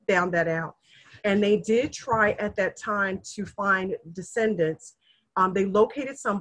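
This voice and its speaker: A middle-aged woman in casual conversation, telling her family history in an earnest, emotional way and acting out the people she quotes. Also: mid-range voice. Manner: earnest, emotional storyteller, animated when quoting others. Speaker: guest sharing family history.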